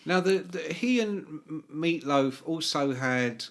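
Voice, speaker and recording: A man's voice: a little high, animated, slow pace. Teasing man co-hosting. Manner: teasing, prodding questions. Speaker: podcast co-host. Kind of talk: casual chat.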